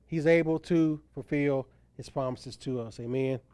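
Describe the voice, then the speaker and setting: A man's voice: medium pitch, moderate pace, warm tone, clear, resonant tone, dry recording. A man preaching a sermon as pastor, quoting scripture with emphatic rises and drops. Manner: emphatic preaching, voice rising and falling for stress.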